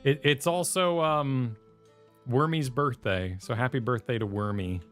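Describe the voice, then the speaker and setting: A man's voice: medium pitch, unhurried, fairly bright tone, faint music behind. A man co-hosting a game stream in casual chat, playful and mock-defensive.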